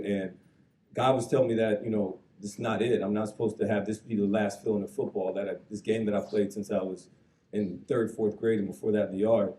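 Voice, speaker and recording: A man in his thirties giving an earnest, reflective induction speech to a hall audience, now and then putting lively voices on the people he quotes. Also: lowish voice, brisk, far from the mic. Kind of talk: emotional acceptance speech. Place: large banquet hall. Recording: echoey hall, speaker away from the mic.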